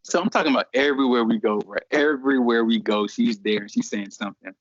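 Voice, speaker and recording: A man's voice: medium pitch, fast, dry recording. A young man in college telling a story casually, acting out the other people's voices. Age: young adult. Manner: animated, acts out voices in quotes. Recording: dry, dull lo-fi recording.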